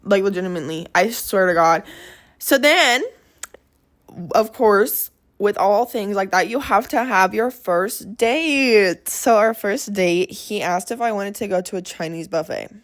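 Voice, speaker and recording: A woman's voice: mid-range voice, unhurried. A young woman hosting her own podcast, telling a personal story in a chatty, dramatic way and slipping into quoted voices. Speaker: podcast host. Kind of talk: casual storytelling monologue.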